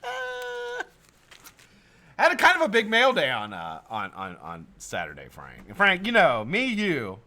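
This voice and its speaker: A man's voice: medium pitch, huge pitch swings, normal speed, few pauses, pushed and bright. An American man hosting a live stream in casual chat, greeting viewers by name, swearing and laughing often.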